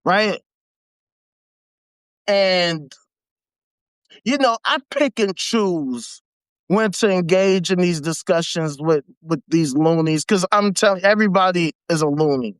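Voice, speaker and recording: A livestream host rants in profane, mocking commentary, breaking off to read an article aloud. The voice sits at a middling pitch. It is recorded close and dry, with no room sound. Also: takes it slowly, pauses often, dry recording. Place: home setup for a live video.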